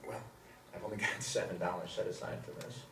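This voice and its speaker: An actor playing a pushy customer, wheedling for a lower price. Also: male voice, fast, gravelly, far from the mic. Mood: pleading. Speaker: customer haggling over a price. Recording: video played in echoey hall, noisy.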